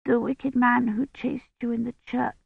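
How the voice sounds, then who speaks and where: A woman's voice: level tone, measured pace, gravelly, husky, dry recording, full character voice. Woman doing a quavering, frightened little girl. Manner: quavering, high childlike voice. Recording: dry, tinny phone-like sound.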